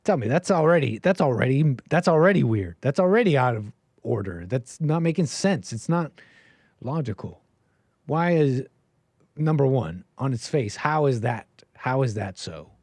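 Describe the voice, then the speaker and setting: A man hosting a livestream, ranting in commentary style with animated bursts and lots of restarts. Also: mid-range voice, no room sound. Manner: animated, rapid restarts, sudden loud bursts. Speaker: livestream host.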